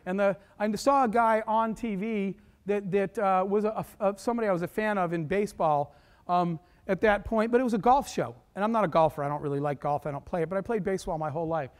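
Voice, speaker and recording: A man's voice: sits high, fast, clear, resonant tone. A man telling a long personal story to an audience as a keynote speaker, acting out the voices of the people he quotes. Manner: animated, acts out quoted voices. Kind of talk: storytelling talk.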